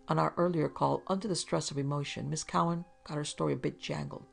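A woman's voice: sits low, fairly even intonation, a little fast, vocal fry, faint music behind. A woman narrating a hard-boiled detective story in a dry, wry first-person voice.

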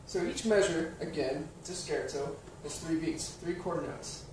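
A man's voice: on the high side, moderate pace, background noise. A man teaching piano, explaining rhythm patiently and counting beats aloud. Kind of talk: instructional music lesson. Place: piano studio. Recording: roomy studio, distant mic, piano playing.

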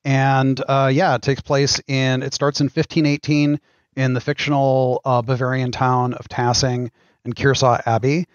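A middle-aged man, a game designer, answering interview questions in a thoughtful, halting way with frequent ums. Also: medium pitch, little pitch movement, no echo, muffled recording. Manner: thoughtful, pauses with many ums. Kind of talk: casual podcast interview.

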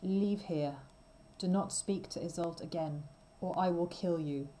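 A woman's voice: fairly low pitch, measured pace, warm tone, slight background noise, close to an everyday voice, low-quality recording. A woman voicing Tristram, an earnest and loving young male knight, in a storybook read aloud. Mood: stern.

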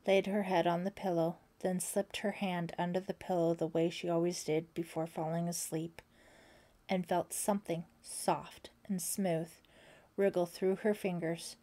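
In a fairly low, level, dark-toned voice, a woman reads an audiobook aloud without hurrying. As narrator of this scripted text, she voices the characters and sinks to a whisper in the tense passages.

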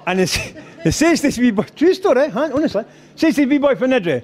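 This middle-aged Scottish comedian talks fast in a very high, very animated voice with a darkish tone. Performing live stand-up at a rugby club function room, he spins boisterous, sweary stories and drops into character voices.

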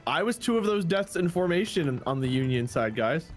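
High, wry gaming man. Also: big pitch swings, moderate pace, faint music behind. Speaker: gaming co-host. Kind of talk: casual gameplay chat.

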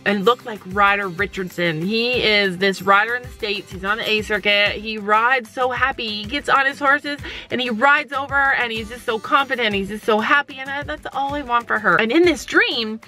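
A middle-aged woman and mother chatting excitedly in a casual vlog, full of likes and laughs. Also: a little high, normal speed, few pauses, faint music behind. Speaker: vlogger mother. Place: outdoors at a horse barn.

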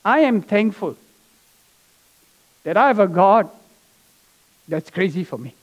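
Brief: male pastor, high-pitched voice, church sermon, story-led delivery. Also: animated, slow pace, lo-fi sound. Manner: preaching with asides and soft laughs. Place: church sanctuary.

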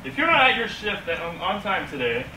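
A man's voice: high-pitched, very animated, brisk, bright, forceful tone, voice pushed up, exaggerated voice. A man voicing a bossy male boss leaving a threatening answering-machine message, recorded from far off in an echoey, noisy room. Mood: scolding. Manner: scolding, threatening.

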